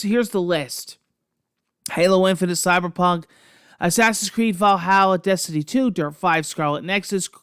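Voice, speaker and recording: A gaming video host chatting excitedly about console news, rambling through restarts and scoffing at critics. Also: mid-range voice, dry recording, studio quality. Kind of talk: casual gaming news vlog.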